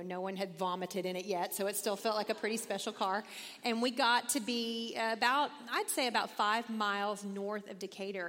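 A middle-aged woman teaching a Bible study lesson, reading scripture aloud and telling lively stories with questions to the class. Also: medium pitch. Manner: animated storytelling, reads scripture aloud, asks the class questions. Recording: echoey hall with long reverb.

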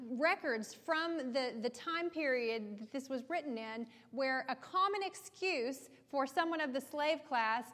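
A woman's voice: high-pitched, a bit bright. Woman teaching a Bible study in a hall. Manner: explanatory, conversational, checks in with listeners.

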